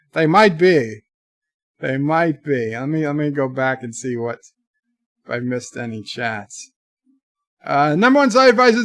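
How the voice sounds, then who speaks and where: A man's voice: fairly high pitch, animated, measured pace, fairly bright tone, dry recording. A man hosting a livestream, reading viewer chats aloud in a chatty, mocking way. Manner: chatty, mocking, slips into joke accents. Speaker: livestream host.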